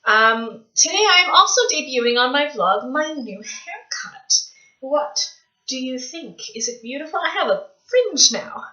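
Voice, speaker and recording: A Canadian woman vlogging casually from a small room at home, chatty, rambling and gushing with excitement. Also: sits high, measured pace, echoey room, lo-fi sound. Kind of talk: casual vlog chat.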